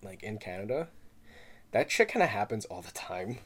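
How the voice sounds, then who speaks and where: A man's voice: fairly low pitch, sing-song, moderate pace. A man in his twenties who grew up in the Philippines, chatting casually in a loose, profane way, with lots of filler words and frequent laughs. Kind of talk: casual chat.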